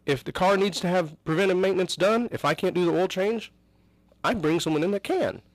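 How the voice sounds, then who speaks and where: A man's voice: high voice, brisk, no room sound, rough recording. Earnest male talk host. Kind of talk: interview.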